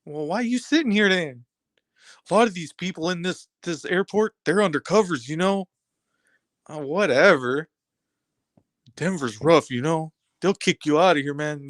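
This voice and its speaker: A man's voice: on the high side, normal speed, a bit bright, no echo, clean studio sound. A man hosting a live stream, chatting casually and rambling to his viewers in streetwise slang.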